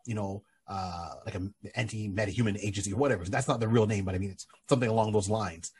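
A man voicing a tired male guard close to retirement in a retold story, speaking in a husky, plain way. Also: fairly low pitch, quick pace, darkish tone. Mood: wistful. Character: weary middle-aged male guard near retirement.

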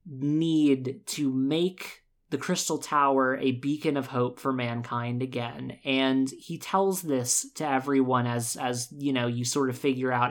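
A podcast co-host recapping a game story in a casual, rambling, excitable way, with lots of fillers. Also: mid-range voice, unhurried, few pauses.

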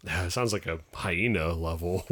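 Guy hosting a podcast, lively up and down voice, cracks up a lot. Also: low voice, unhurried. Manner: laughs often, reads a comic aloud with voices. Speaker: podcast co-host. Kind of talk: casual chat.

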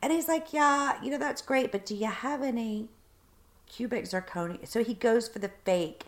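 Woman, from the American South, casual podcast chat, animated storyteller, acts out quoted voices. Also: on the high side, normal speed. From Southern United States.

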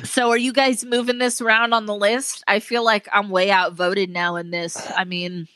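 A woman's voice: mid-range voice, normal speed, no echo. A woman co-hosting a horror film podcast, talking casually with a teasing manner and frequent swearing. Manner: teasing, animated, swears freely. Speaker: podcast co-host. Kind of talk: casual chat.

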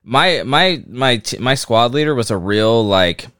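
Young guy swearing a lot, acting out army stories, smooth clean voice, dry sound. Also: medium pitch, measured pace, no echo. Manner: swearing, animated storyteller who acts out quotes. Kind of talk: casual chat.

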